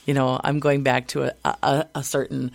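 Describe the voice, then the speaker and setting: Lady radio host doing morning banter, gravelly fry in her voice, dry studio sound. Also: extremely low pitch, little pitch movement, normal speed, no echo.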